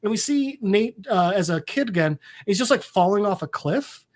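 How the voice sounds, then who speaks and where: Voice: mid-range voice, lively intonation, moderate pace. Rambling podcast co-host recapping a story. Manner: rambling storytelling with many fillers; acts out quoted characters. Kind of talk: casual recap chat.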